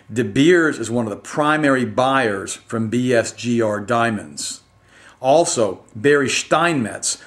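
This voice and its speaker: A man speaks straight to the camera in an opinion monologue, at an ordinary mid pitch. He talks emphatically and drives his points home with strings of rhetorical questions. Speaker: health commentator.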